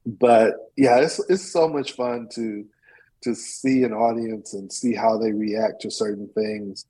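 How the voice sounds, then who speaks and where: A man who is a storyteller and teaching artist, talking in an interview and performing a tale in an animated, playful way. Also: on the low side, measured pace, slightly rough, poor audio. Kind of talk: interview chat and live storytelling.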